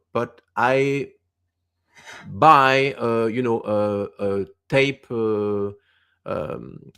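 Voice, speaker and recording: A man in his fifties with a Quebec French accent speaks slowly, picking his English words one at a time. He is a native French speaker, talking casually as a guest in an interview. His voice sits at an ordinary middle pitch. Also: a bit bright. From France. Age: 50s. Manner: halting, searching for English words.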